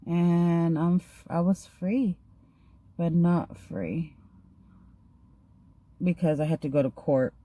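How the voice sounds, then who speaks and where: A woman's voice: fairly low pitch, slow, pauses often, dry recording. A young woman casually telling a story while getting ready, chatty and slangy, acting out the people she quotes. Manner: chatty, slangy, animated retelling with acted quotes. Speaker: vlogger.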